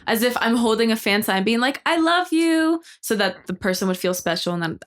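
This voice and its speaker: A woman's voice: medium pitch, fast, fairly bright tone. Chatty young woman guest, fillers everywhere, story mode. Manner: chatty storyteller, many likes, laughs easily. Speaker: guest influencer. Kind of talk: casual podcast chat.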